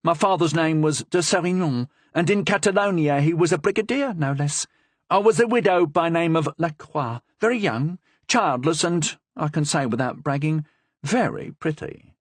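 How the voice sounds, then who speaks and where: A man voicing a feisty, sharp-tongued young woman with a Languedoc accent, fearless before a cardinal. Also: lively intonation, normal speed, no room sound. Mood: bold. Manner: high, bold, talks back.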